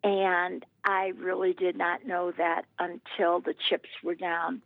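A woman's voice: lowish voice, flat delivery, slow pace, vocal fry, no echo, narrow, tinny audio. A woman in her eighties from Missouri, telling her faith testimony as an interview guest in an earnest storytelling way. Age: 80s. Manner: earnest storyteller, acts out quoted voices.

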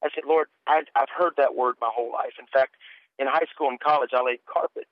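Middle-aged preacher on a tinny phone line. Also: male voice, mid-range voice, fairly even intonation, fairly quick, dry recording. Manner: earnest, repeats words when starting sentences. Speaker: guest preacher. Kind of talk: personal testimony storytelling.

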